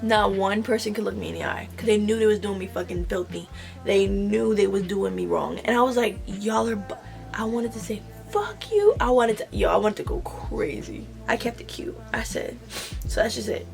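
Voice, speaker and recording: A young woman telling an animated storytime about nursing school, swearing and acting out the dialogue. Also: medium pitch, moderate pace, vocal fry, soft background music. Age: young adult. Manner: animated retelling, swearing, slang-heavy. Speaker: vlogger. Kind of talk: storytime vlog.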